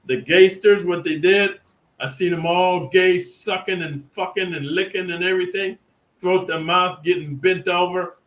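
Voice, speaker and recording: Middle-aged guy from california bragging about prison life, kinda high voice, rambles on. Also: steady tone, normal speed, a bit bright, low-quality recording. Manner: boastful, rambling, streetwise. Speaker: prison storyteller. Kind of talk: casual profane monologue.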